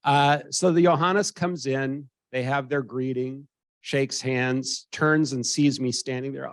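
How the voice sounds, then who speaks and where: A man's voice: medium pitch, a little slow, dry recording. A man in his sixties with an American accent, telling an anecdote as a guest and acting out the voices of others. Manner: animated, acts out quoted voices. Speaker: interviewee. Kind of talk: storytelling anecdote.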